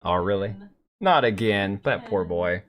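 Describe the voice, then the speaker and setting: A man's voice: lowish voice, animated, a little slow, a bit bright. A middle-aged man hosting a live stream, rambling bluntly with profanity as he reads and answers chat.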